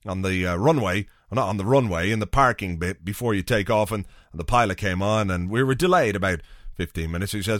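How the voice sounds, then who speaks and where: A man's voice: on the low side, brisk, a bit bright, no room sound, clean studio sound. A man hosting a podcast, telling a rambling, profane, wry story in a casual solo monologue. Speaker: podcast host.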